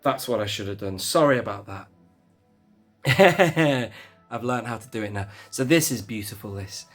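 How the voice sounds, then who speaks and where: A man's voice: mid-range voice, moderate pace, fairly bright tone, soft background music. A man, casually touring his toy collection shelves in a chatty, self-deprecating way. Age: 40s. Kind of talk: casual shelf tour.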